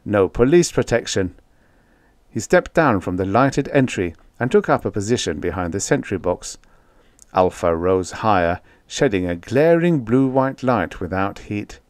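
A man narrating a science fiction audiobook in an expressive, lively reading. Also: lowish voice, moderate pace, no echo.

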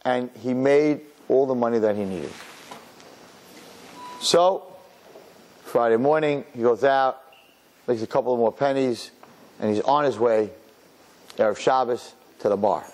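A middle-aged rabbi telling a story as a sermon, acting out the characters and mixing in Yiddish and Hebrew words. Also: male voice, medium pitch, a little slow, long pauses, a little mellow.

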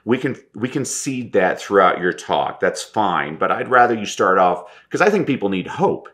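Animated storytelling man, lively pitch. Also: normal speed. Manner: lively, stammers restarts, acts out quotes. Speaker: guest, presentation coach.

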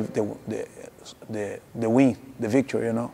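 A man coaching fighters, speaking in halting, broken English in an interview. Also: on the low side, fairly even intonation, vocal fry, dark tone, a little hiss or hum. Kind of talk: reflective interview. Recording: echoey room with long reverb.

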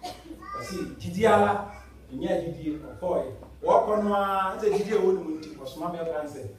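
A man with a Ghanaian accent preaching a sermon as a church elder, mixing English and Twi and swinging from loud cries to low murmurs. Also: sing-song, moderate pace, a little hiss or hum. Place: church sanctuary. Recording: echoey hall, voice from far off.

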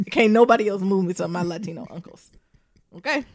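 A woman's voice: mid-range voice, brisk, darkish tone, no room sound, clean studio sound. A woman co-hosting a podcast in casual chat, laughing often and swearing freely. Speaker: podcast co-host.

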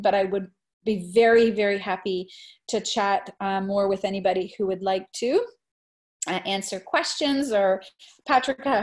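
A woman speaking over a video call as an education presenter, her voice sitting at a middle pitch. She answers questions in an earnest, reflective way and leans on "I think" as she reasons aloud. Retelling classroom moments brings out a lively, animated edge. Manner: grows animated when retelling classroom stories. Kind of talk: webinar Q&A answer.

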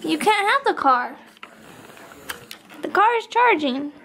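A woman's voice: very high-pitched, very animated, slow, fairly bright tone. A young woman vlogging casually, cooing to her puppy in a sing-song voice. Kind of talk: casual vlog chat.

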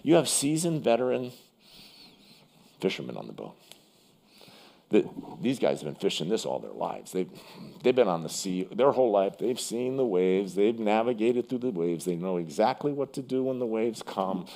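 A man's voice: lowish voice, big pitch swings, moderate pace, creaky, dark tone. A man preaching a sermon in a church as pastor, in a conversational, vivid storytelling manner.

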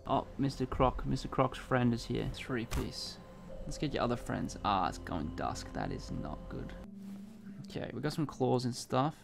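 A young man giving excitable, sweary let's-play commentary, quick to panic. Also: mid-range voice, creaky, slight background noise. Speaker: gaming YouTuber.

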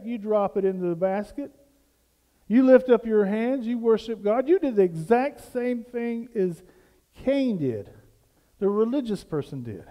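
A man's voice: high-pitched, dark tone, long reverb tail. A man preaching a sermon as pastor, building emphasis through repeated questions and phrases. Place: church sanctuary.

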